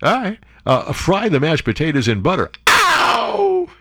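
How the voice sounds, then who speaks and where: A man hosting a talk radio show, telling stories in a casual, animated way with frequent laughs, on a studio microphone. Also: on the high side, fairly quick, slightly rough, no room sound. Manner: animated storyteller, laughs often, restarts.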